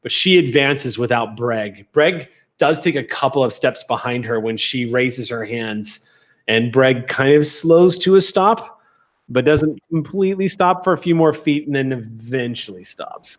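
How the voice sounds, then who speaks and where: A man narrating a tabletop role-play as game master, setting scenes in vivid, cinematic detail. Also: medium pitch.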